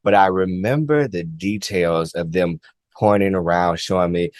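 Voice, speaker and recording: A man vlogger earnestly recounting a personal experience, halting and repeating himself with many likes and restarts. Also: deep voice, no room sound. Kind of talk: personal storytelling to camera.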